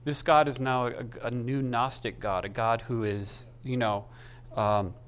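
A man preaching a sermon as pastor, speaking haltingly and with feeling, with many restarts, into a microphone. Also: mid-range voice, steady tone, smooth.

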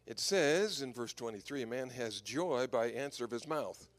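An older man giving an anecdotal sermon as a visiting preacher, telling stories in a lively way and chuckling at his own jokes. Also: medium pitch, moderate pace.

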